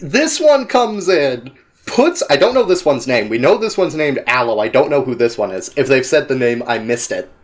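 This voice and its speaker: A man's voice: medium pitch, big pitch swings, normal speed. A man hosting a casual reaction chat, laughing often, swearing and sounding exasperated. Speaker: host.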